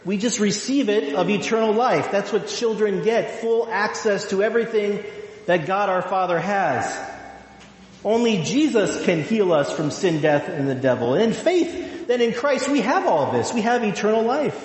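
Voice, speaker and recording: A male pastor giving a sermon, slow and emphatic, with drawn-out phrases. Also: high-pitched, lively intonation. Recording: echoey hall.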